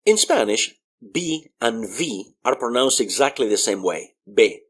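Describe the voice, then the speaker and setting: A man teaching a video language lesson, sounding out each letter slowly and repeating the example words. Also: mid-range voice, very animated, fairly bright tone, slight background noise. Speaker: Spanish teacher.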